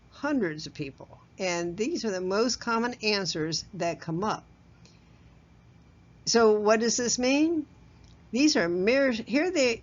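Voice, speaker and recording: A woman giving a recorded workplace communication lesson in a conversational way, asking the listener questions and chuckling at herself. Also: medium pitch. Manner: chuckles at herself, loose fillers and restarts. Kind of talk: recorded training lecture. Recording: slightly dull lo-fi audio.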